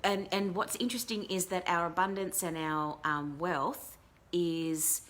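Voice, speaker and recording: A woman's voice: fairly low pitch, steady tone, a little slow, fairly bright tone. A middle-aged woman hosting a casual talk show as a life coach, chatting in a rambling way with many fillers and restarts. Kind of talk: casual live-stream talk.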